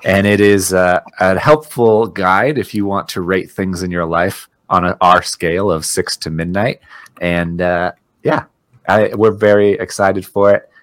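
Deep-voiced guy co-hosting a podcast, dry sound, kidding around a lot. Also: steady tone, measured pace, no room sound. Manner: joking, laughs often. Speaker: podcast co-host. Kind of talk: casual chat.

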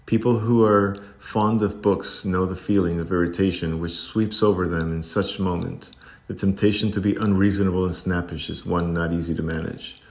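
A man reading a classic storybook aloud in an even, unhurried narrating manner. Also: deep voice. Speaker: audiobook narrator.

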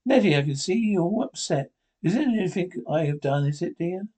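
An actress playing a tender, affectionate wife with a soothing manner in a 1950s radio drama. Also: female voice, on the low side, lively intonation, moderate pace, mellow.

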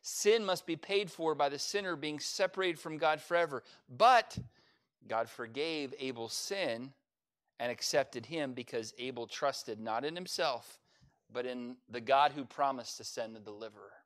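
A man's voice: medium pitch, measured pace, a bit bright. A middle-aged man preaching a sermon as pastor, reading scripture and adding folksy, humorous asides. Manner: folksy, humorous asides with playful mock voices.

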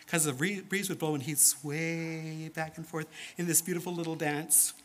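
A man telling a children's sermon story in an animated, playful way, with sound effects and questions to his listeners. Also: a little high, moderate pace, few pauses, slight background noise.

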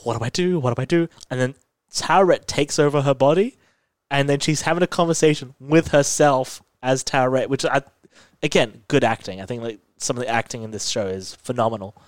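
A man's voice: medium pitch, brisk, no room sound. Rambling man recapping a show, dry sound. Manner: rambling, filler-heavy, animated retelling. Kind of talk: casual chat recapping a TV episode.

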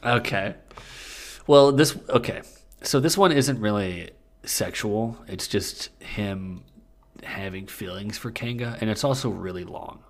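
A man's voice: lowish voice, measured pace. A man co-hosting a podcast, chatting casually and crudely while laughing often. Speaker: podcast co-host. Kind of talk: casual comedic chat, reading fan fiction aloud.

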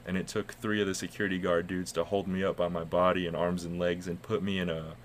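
Man, deep voice, casual podcast chat, rambling profane storyteller. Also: level tone, fast talker, slight background noise. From United States. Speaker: podcast co-host.

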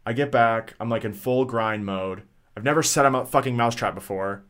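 A man's voice: mid-range voice, normal speed, a bit bright. A young man casually telling a rambling story on a podcast, swearing often and full of fillers and restarts. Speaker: podcast co-host.

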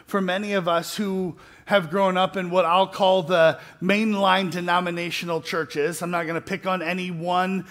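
A man's voice: high voice, flat delivery, normal speed, hardly any pauses, fairly bright tone. A middle-aged male pastor preaching a sermon in a conversational, self-deprecating way, with restarts and light laughs, building to earnest emphasis.

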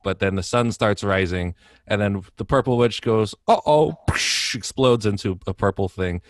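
A man's voice: on the low side, fairly even intonation, moderate pace, noisy background. A man casually retelling a movie plot in a playful way, laughing often as he goes. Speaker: podcast co-host.

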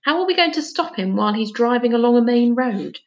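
A woman's voice: a little high, expressive, brisk, muffled recording, voice pushed up. A woman voicing a cautious girl in a storybook reading who raises doubts and objections. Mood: doubtful.

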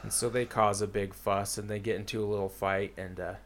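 Brisk and lowish-voiced with little pitch movement, a young man casually retells a book's plot. He rambles throughout, his chat heavy with "like" and "uh."

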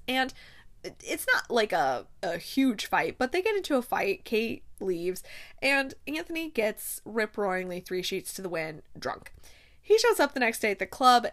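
A woman podcast host chatting casually through a romance novel recap, animated and laughing often. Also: fairly high pitch, a little slow.

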